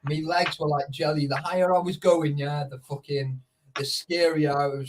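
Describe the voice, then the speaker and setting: Lad, slightly high voice, swears and laughs through casual live-stream banter. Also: male voice, fairly even intonation, normal speed. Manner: sweary, laughs a lot, says "mate" constantly. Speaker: urban explorer on a live stream.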